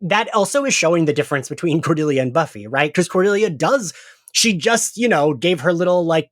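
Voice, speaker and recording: A man co-hosting a casual podcast discussion, animated, acting out quoted lines and laughing often. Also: fairly high pitch, moderate pace, no echo, clean studio sound. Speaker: podcast co-host.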